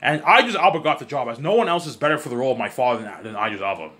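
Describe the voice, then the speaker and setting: Racing along at a medium pitch, this vlogger talks casually and excitably in a meandering monologue. He curses freely and often fumbles and restarts what he's saying.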